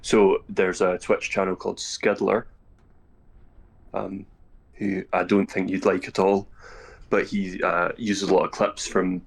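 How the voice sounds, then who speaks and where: Low gravelly guy calling in, monotone, lots of ums. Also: measured pace, pauses often. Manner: hesitant, full of fillers. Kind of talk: casual chat.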